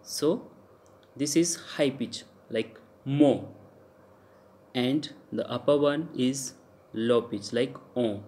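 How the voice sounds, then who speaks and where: A man's voice: medium pitch, takes it slowly, a little mellow. A man with an Indian English accent teaching French pronunciation in a recorded lecture. He repeats each example sound several times and hesitates with fillers.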